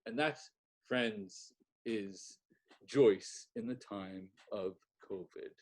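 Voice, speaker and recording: A man and library director reading a classic novel aloud in a measured, expressive way. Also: lowish voice.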